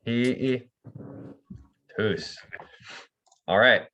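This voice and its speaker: A man's voice: mid-range voice, very slow, pushed and bright. A man teaching an online language class, calling on students by name, repeating words for them and explaining with many fillers and restarts.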